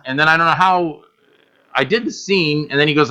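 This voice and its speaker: A man chatting casually in an interview, telling animated stories about making films, acting out quotes and swearing freely. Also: a little high, quick pace. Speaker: guest filmmaker.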